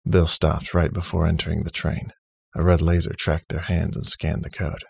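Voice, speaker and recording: A man narrating a serialized story in a steady, matter-of-fact way. His voice is very deep and gravelly with a husky edge. The recording is dry and close. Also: normal speed, no echo. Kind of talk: scripted narration.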